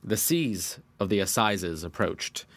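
A man's voice: low voice, lively intonation, slow pace, fairly bright tone, dry recording. A man narrating a classic novel in the first person, in an earnest, dramatic way with old-fashioned diction. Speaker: audiobook narrator.

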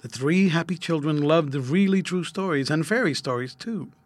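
A man reading an old-fashioned children's story aloud, gentle and expressive. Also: on the high side, moderate pace, no room sound. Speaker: narrator.

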